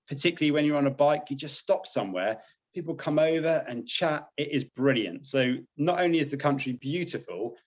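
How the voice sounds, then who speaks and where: Man, British, chatty, upbeat, frequent laughs, muffled lo-fi recording. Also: medium pitch. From Britain. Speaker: guest, naval officer and charity cyclist. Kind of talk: casual interview chat.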